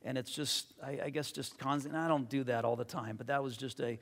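Delivering his sermon fairly quickly, this pastor speaks at a medium pitch with fairly even intonation, and the audio has a big-room sound. He tells earnest stories conversationally, using fillers, and ends by leading a prayer.

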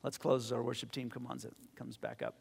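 A man's voice: medium pitch, little pitch movement, moderate pace, gravelly, a little mellow, long reverb tail, a little hiss or hum. A man preaching a sermon as pastor, telling stories in an earnest, conversational way with fillers, then leading a closing prayer.

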